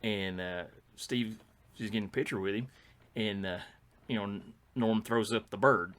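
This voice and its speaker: A middle-aged man spins a convention story on a podcast. His voice sits low, and he rambles easily, full of fillers and restarts. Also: unhurried, fairly bright tone. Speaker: podcast co-host. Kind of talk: casual storytelling chat.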